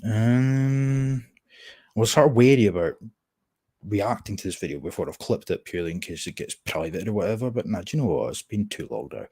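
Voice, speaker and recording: A man's voice: on the low side, expressive, a little fast, a little mellow, husky, no room sound. A Scottish man hosting a livestream, giving sardonic, rambling commentary and reading the chat aloud. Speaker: livestream host.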